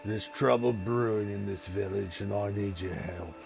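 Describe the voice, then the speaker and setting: A man voicing a giant male ogre lord in a solemn baritone. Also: normal speed, gravelly, darkish tone, faint music behind. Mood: grave.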